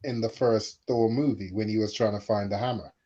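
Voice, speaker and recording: A man's voice: on the low side, steady tone, a little fast, mellow. A man co-hosting a casual chat, explaining his points confidently in long runs. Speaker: podcast co-host. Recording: dull lo-fi mic.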